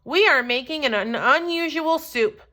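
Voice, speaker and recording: A woman's voice: high voice, animated, moderate pace, pushed and bright. A woman doing jolly traveling cooks. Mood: eager. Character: two cheerful traveling cooks, grown men.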